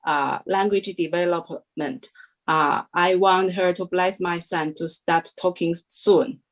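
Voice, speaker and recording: A woman giving a personal testimony as an interview guest, telling her story in halting, unhurried phrases. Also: lowish voice. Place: lives in New Zealand.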